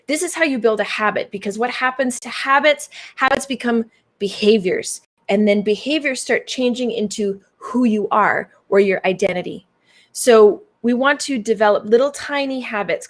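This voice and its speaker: A woman from Canada with a Canadian accent, a business coach chatting casually to her audience on a livestream, playful and bubbly with silly made-up words. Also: a little high.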